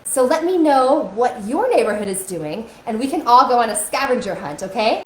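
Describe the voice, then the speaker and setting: A young woman with a fairly high, lively voice leads a kids' music lesson on a live stream at a moderate pace, upbeat and coaxing as she gets the children to join in with motions. Her tone is a little mellow, and the echoey room carries faint music plus a slight hiss or hum.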